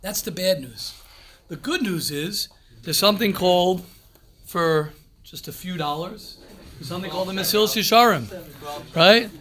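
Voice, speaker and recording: A man's voice: sits high, moderate pace, long pauses, a bit bright. A man giving an informal, emphatic talk to yeshiva students, repeating phrases and mixing in Hebrew and Yiddish words.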